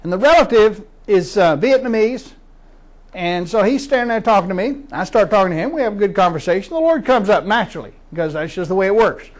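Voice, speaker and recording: A man's voice: sits high, lively intonation, fairly quick. A middle-aged man preaching as a pastor, telling stories of faith earnestly and repeating words as he builds up. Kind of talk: storytelling sermon.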